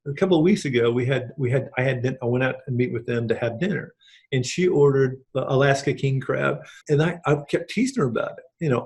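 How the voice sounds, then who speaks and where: A man's voice: medium pitch, a little mellow. A middle-aged man gives an earnest, rambling personal testimonial, acting out quoted conversations along the way. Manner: earnest and rambling, with many restarts and acted-out quotes. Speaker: program participant giving a testimonial.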